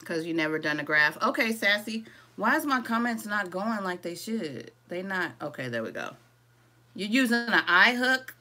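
This is a live-stream crochet tutorial led by a woman whose mid-range voice moves at normal speed. Easygoing and talkative, she says hello to viewers by name, calls them "y'all," and reads their comments aloud as she works.

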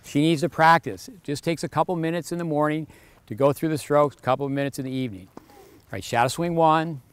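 A man's voice: a little high, fast talker, smooth. A man giving a tennis lesson on court, instructing a player with short commands and counting out the serve rhythm. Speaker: tennis coach.

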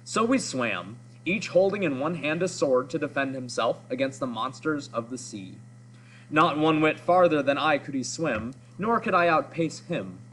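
A man's voice: a little high, expressive, normal speed, fairly bright tone, slight background noise, rough recording. A man reading the lines of a proud, boastful male hero in solemn, old-fashioned speech. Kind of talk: read-aloud of a story.

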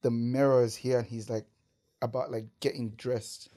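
A man's voice: mid-range voice, moderate pace. A man from Canada telling a wild story as a podcast guest, swearing, laughing and filling his talk with "like". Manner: animated, swearing, laughing storyteller with many "like" fillers. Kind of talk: casual storytelling.

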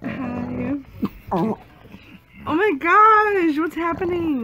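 A high-voiced young woman talks slowly and tenderly to her dog in gushing baby talk, breaking into giggles. A faint hiss of noise sits behind her voice. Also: lively intonation, a bit bright, rough recording. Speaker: vlogger. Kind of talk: casual vlog.

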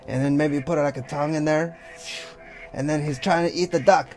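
Gravelly laid-back man drawing along. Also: a little high, steady tone, fairly quick, soft background music. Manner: rambling, loose, full of "like" and sound effects. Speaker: art teacher. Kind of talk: casual draw-along tutorial.

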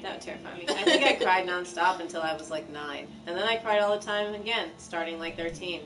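A woman's voice: on the low side, brisk, recorded from a distance, poor audio. Woman, let's play streamer, playful, reads dialogue, a little off-mic, game music playing. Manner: playful, dramatic outbursts. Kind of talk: game playthrough, reading dialogue aloud.

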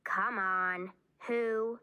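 A woman reading aloud, voicing a spirited, excitable young girl with high, squealing outbursts. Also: measured pace, heavily acted. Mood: insistent.

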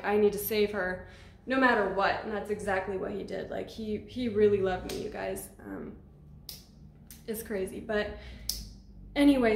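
A woman recounts a story straight to camera in a loose, blunt vlog style, cursing freely and getting animated. Her voice sits a bit high, and the room rings with noticeable echo. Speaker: vlogger. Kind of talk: casual storytime.

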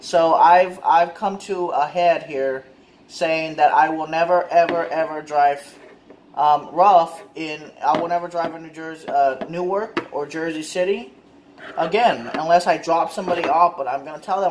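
List: man, higher-pitched voice, frustrated casual rant, swears a lot, echoey recording, faint background noise. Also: unhurried. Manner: frustrated, repetitive, profane. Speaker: car owner vlogger. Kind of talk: casual ranting vlog.

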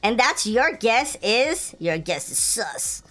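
A woman hosting a gameplay video, excitable and playful, laughing often as she comments. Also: fairly high pitch, takes it slowly, soft background music. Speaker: gaming video host.

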